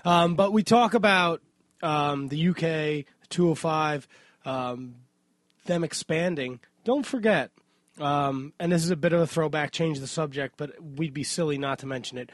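A hoarse man just over an illness, co-hosting a podcast in a halting way with many ums. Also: on the high side, no echo, clean studio sound. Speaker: podcast co-host.

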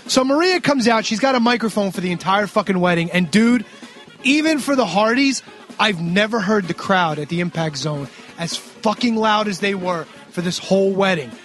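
A man co-hosting a casual talk show, recapping events with heavy swearing and excited outbursts. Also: sits high, normal speed, soft background music. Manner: profane, excitable, acts out quotes loudly. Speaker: podcast co-host recapping wrestling. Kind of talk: casual chat.

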